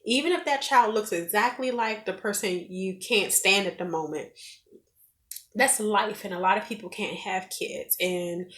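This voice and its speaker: A woman in her thirties giving casual advice in a candid, animated storytelling way, with many fillers. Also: mid-range voice, measured pace. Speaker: vlogger. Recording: echoey room.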